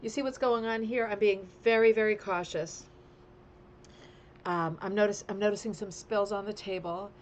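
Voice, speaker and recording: A woman's voice: medium pitch, fairly even intonation, normal speed, slight background noise. A middle-aged woman hosting a casual craft livestream from home, chatty and playful as she greets viewers. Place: home, sitting at a table. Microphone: webcam livestream.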